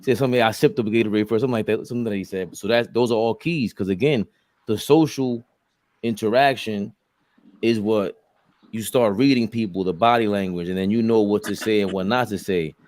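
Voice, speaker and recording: A man's voice: on the low side, fairly quick, darkish tone, no room sound. A man in a casual podcast chat, speaking reflectively and agreeably, with some hesitation and fillers.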